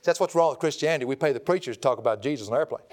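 A middle-aged man preaching, telling a folksy, animated story to an audience. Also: medium pitch, rapid-fire. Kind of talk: humorous sermon storytelling.

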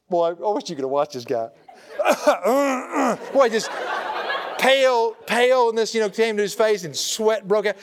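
A middle-aged man preaching, telling a folksy, animated story to an audience. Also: high-pitched, measured pace. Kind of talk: humorous sermon storytelling.

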